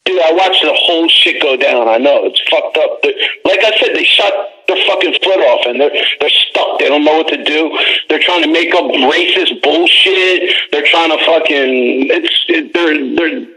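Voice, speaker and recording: A man's voice: on the high side, moderate pace, bright, forceful tone, rough recording. A man calling into a talk radio show, blunt and profane, stammering and repeating words.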